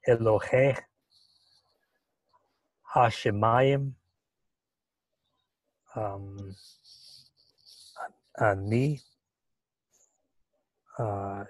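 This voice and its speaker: A man, a student in an online class, reading a text aloud slowly and haltingly over a video call. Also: on the low side, fairly even intonation, dry recording. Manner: slow, hesitant reading with pauses.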